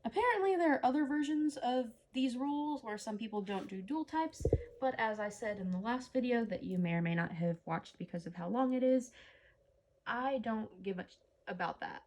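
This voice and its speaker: A woman's voice: on the high side, animated, moderate pace, a little mellow. A woman giving casual, rambling gameplay commentary as a let's play host, humming to herself between remarks. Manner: rambling, chatty, hums to herself.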